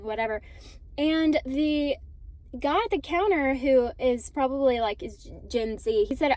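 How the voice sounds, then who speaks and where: A woman's voice: sits high, moderate pace, darkish tone, dry recording. A woman in her thirties, a mom vlogging in casual chat to the camera, gushing and chatty with lots of fillers.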